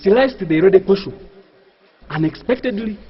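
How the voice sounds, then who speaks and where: High-voiced guy doing a stand-up routine, all mock-grand words, pitch jumping all over. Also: animated, normal speed, husky. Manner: mock-pompous, uses grand words for comic effect. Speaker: stand-up comedian. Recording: dull lo-fi live recording. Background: audience laughter.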